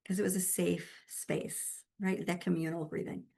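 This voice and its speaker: A woman grief support specialist answering interview questions in an emphatic, gentle, conversational way. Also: lowish voice, level tone, normal speed, gravelly.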